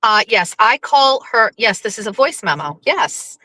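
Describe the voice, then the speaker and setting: A woman's voice: on the high side, very animated, a little slow, pushed and bright, no echo, rough recording. A woman hosting a livestream in casual, rambling chat, full of fillers and playful swearing. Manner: rambling and chatty, lots of fillers. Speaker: livestream host.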